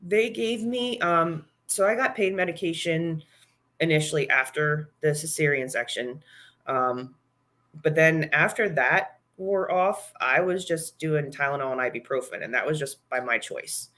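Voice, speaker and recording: A young woman speaks openly and casually as a podcast guest. Her delivery is chatty and relaxed, with frequent light laughter. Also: low voice, a little slow. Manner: candid, chatty, laughs often. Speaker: guest, new mother.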